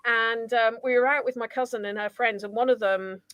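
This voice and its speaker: A British woman hosting a podcast, chatting casually and telling lively anecdotes. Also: fairly high pitch, a little fast, smooth, no echo. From Britain. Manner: chatty storyteller, acts out voices in anecdotes. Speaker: podcast host. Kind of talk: casual chat.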